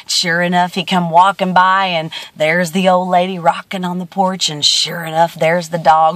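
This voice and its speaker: A woman's voice: mid-range voice, moderate pace, few pauses, a bit bright, no room sound. A woman vlogger telling a story and giving upbeat, encouraging advice to her viewers. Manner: upbeat, encouraging, affectionate sign-off. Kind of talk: motivational storytelling to camera.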